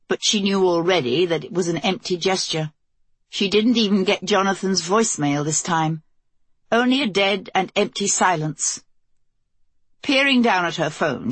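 A woman narrating a novel as an audiobook in a steady, measured storytelling voice, recorded close to the mic. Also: lowish voice, slightly rough, no echo. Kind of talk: scripted narration.

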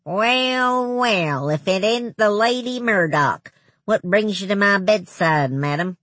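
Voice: mid-range voice, expressive, takes it slowly, a bit bright, no echo, pitched above the performer's own voice. A reader voicing a cantankerous, bedridden old man in an audiobook, sneering and sarcastic. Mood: mocking. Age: older. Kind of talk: audiobook character voice.

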